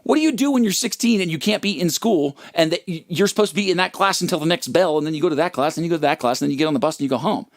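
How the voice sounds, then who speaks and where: A man's voice: a little high, racing, hardly any pauses, no echo, studio quality. A man hosting a livestream, telling a rambling, profane, self-mocking story in a casual comic way. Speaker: livestream host and musician.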